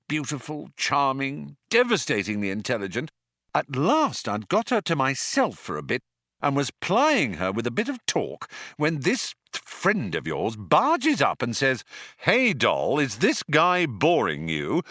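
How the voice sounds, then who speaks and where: A man's voice: medium pitch, no echo, studio quality, voice pushed up. A man reading an audiobook, voicing an indignant, cold Earthman who speaks sharply. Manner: sharp, cold, trembling with anger. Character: indignant stiff earthman, young-ish man.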